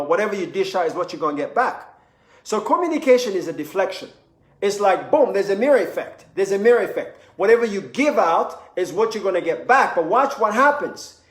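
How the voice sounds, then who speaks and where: A man delivering a motivational seminar in a high-pitched voice. He talks emphatically, repeating key lines and telling stories, with his voice ringing in a roomy space. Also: animated, fairly quick. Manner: emphatic, repetitive, storytelling. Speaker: motivational speaker. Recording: echoey room.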